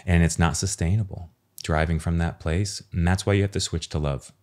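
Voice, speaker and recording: A man speaking as a podcast guest in a casual, earnest and expressive way, swearing now and then. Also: low voice, fairly quick. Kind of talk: casual conversation.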